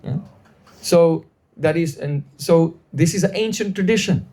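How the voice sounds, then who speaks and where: High-voiced man telling a sacred story. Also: unhurried, a little mellow. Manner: explanatory, repeats phrases, asks listeners. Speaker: devotional storyteller. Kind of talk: live devotional storytelling class.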